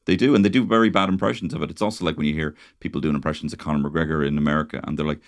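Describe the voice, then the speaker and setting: Very deep-voiced Dublin man, sweary. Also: very fast, no room sound. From Dublin, Ireland. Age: young adult. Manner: sweary, animated storyteller. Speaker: podcast co-host. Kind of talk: casual chat.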